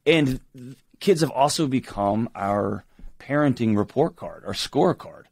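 A man speaking as a guest in an interview, emphatic and animated, acting out quoted voices as he talks. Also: medium pitch, measured pace, vocal fry, no echo, studio quality. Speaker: guest author. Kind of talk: conversational interview.

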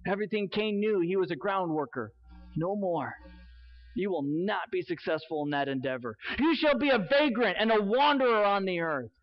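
A male pastor preaching a sermon in church, earnest and emphatic, slowing down for dramatic weight. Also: high-pitched. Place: church sanctuary. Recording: dull lo-fi sermon recording.

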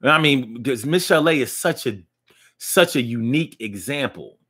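A man's voice: medium pitch, animated, normal speed, sharp tone, husky. A man hosting a casual live-stream talk show, chatting loosely with slang and lots of restarts, reading viewer comments aloud.

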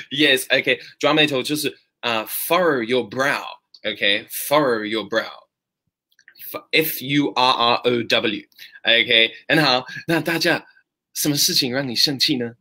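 A man hosting a casual live-stream English lesson, talking animatedly and slowing down to repeat and spell out phrases. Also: medium pitch, sharp tone.

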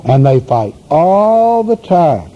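A man voicing a plain-spoken old male chief, a new convert, who talks slowly and simply. The voice is heard on a dull, lo-fi recording with faint hiss. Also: a little high, very animated, voice pushed up. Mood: calm.

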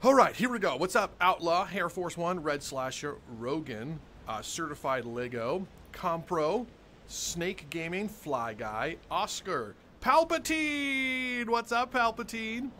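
A man's voice: fairly high pitch, sing-song, a little slow, pushed and bright, slight background noise. A young man live-streaming a game from home, cheerfully greeting his chat by name and laughing often. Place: home room with dogs nearby.

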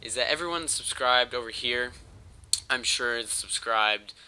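A man's voice: mid-range voice, a little slow, pushed and bright, slight background noise. A man with a cold, rambling and joking crudely as he talks over his gameplay footage on a home mic. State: sick with a cold. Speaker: gaming channel host.

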